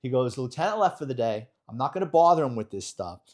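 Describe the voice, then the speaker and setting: A man's voice: mid-range voice, sing-song, fast talker, a little mellow. A middle-aged man, a retired detective telling a story in an interview and acting out the other voices.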